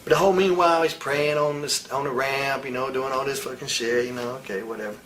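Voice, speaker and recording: A man's voice: mid-range voice, fairly even intonation, fast talker, fairly bright tone, rough recording. A man in his forties in a candid interview, telling stories bluntly, with a lot of swearing and real heat. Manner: blunt, profane, heated storytelling. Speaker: interviewee, wrestler.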